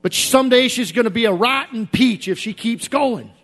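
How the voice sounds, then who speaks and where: A man with a high voice preaches a sermon in an emphatic, repetitive cadence. He drops to quiet confession, then rises to shouted outbursts. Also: moderate pace, soft background music.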